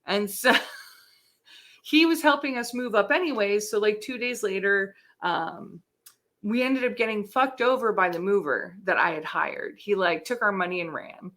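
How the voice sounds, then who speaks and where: A woman's voice: mid-range voice, a little slow, a bit bright. A middle-aged woman telling her story as an interview guest, candid and casual, swearing freely and filling her talk with "like". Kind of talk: casual chat.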